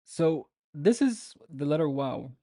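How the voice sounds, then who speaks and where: A man leads a live online beginner class over a computer mic, talking in a relaxed, informal way and repeating example words patiently. His voice is low and gravelly, with a dark tone. The sound is dry and close. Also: takes it slowly, no echo. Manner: relaxed and informal, with fillers and restarts. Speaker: Arabic teacher. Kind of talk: live online language lesson.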